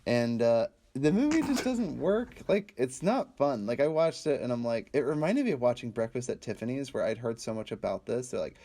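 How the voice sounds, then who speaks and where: A young man with a lively, often laughing way of talking, co-hosting a casual chat about movies. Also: medium pitch, a little fast, few pauses. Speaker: podcast co-host.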